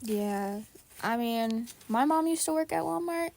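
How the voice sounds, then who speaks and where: A woman's voice: a little high, animated, measured pace, creaky, darkish tone. A young woman co-hosting a podcast, talking in a blunt, profane, ranting way during casual chat. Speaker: podcast co-host.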